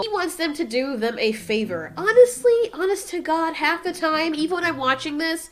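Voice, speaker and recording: A woman's voice: a little high, a bit bright. A woman hosting a comedic movie review, talking in a sarcastic, exasperated way. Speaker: movie reviewer and channel host.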